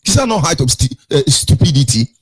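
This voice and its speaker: A man's voice: a little high, lively intonation, brisk, breathy edge. A man with a Nigerian accent hosting a radio show, giving indignant commentary with repeated rhetorical questions and a sing-song lilt. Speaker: radio host.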